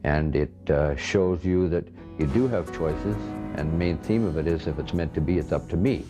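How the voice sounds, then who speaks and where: A man's voice: extremely low pitch, moderate pace, music in the background. A man who was once in jail reflects plainly on his own choices in a personal testimony. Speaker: former inmate interviewee.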